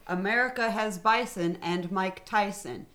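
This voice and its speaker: A woman's voice: medium pitch, a little slow, fairly bright tone. A woman co-hosting a camp podcast, chatting casually in an upbeat, giggly way. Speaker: camp staff co-host. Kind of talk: casual chat.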